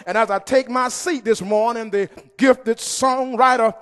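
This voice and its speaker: High-voiced man shouting a sermon in a hall. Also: fairly even intonation, a little slow, smooth, faint music behind. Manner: shouting, half-singing, call-and-response. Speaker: preacher. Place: church. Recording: long reverb of a church hall.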